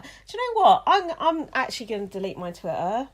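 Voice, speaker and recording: High-pitched woman ranting angrily. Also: big pitch swings, quick pace, few pauses. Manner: angry, swears heavily, emphatic. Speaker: podcast host. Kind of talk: casual podcast rant.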